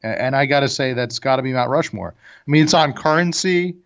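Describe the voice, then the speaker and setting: A man's voice: medium pitch, brisk. Opinionated man, dull lo-fi audio. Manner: opinionated, stumbling restarts. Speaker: podcast co-host. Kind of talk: casual debate chat.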